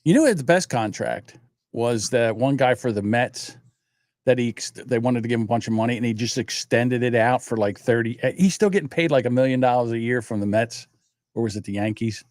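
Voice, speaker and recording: A man's voice: medium pitch, brisk, a little mellow, no echo, clean studio sound. A man in his sixties hosting a livestream, telling rambling stories in casual chat and swearing freely. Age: 60s. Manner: profane, rambling storyteller. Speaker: livestream host.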